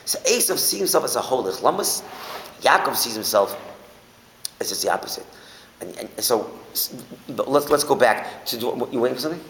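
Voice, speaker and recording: A man giving a Torah class, animated, asking rhetorical questions and restating his points to the room. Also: medium pitch, a little fast. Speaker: Torah teacher. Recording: echoey hall with faint hiss.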